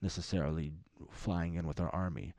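A man's voice: low voice, steady tone, brisk, dark tone, no room sound, clean studio sound. A young man co-hosting a podcast, rambling through political chat with plenty of swearing and sudden jumps into mocking voices. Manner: rambling, profane, mimics other people in raised voices. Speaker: podcast co-host.

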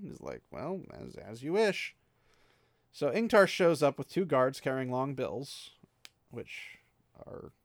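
Retelling a fantasy novel chapter for his book recap podcast, this man keeps it chatty, tossing in lots of "he's like" asides and laughing at the writing. He speaks at a medium pitch with a creaky quality, and there's no room sound.

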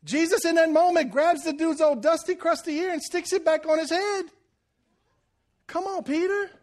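Animated high-voiced preacher man. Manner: animated storytelling with acted-out quotes and jokes. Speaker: pastor. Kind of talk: sermon.

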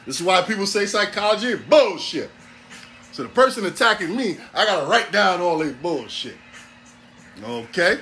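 A man hosting a podcast, riffing in a comedic monologue with animated, preachy repetition. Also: high-pitched, slight background noise. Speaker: podcast host.

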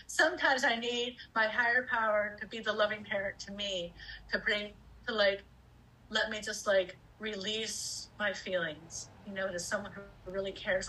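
A woman's voice: medium pitch, sharp tone, low-quality recording. A woman in her fifties telling a candid personal story, acting out her own inner voices and swearing casually. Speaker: speaker sharing personal experience.

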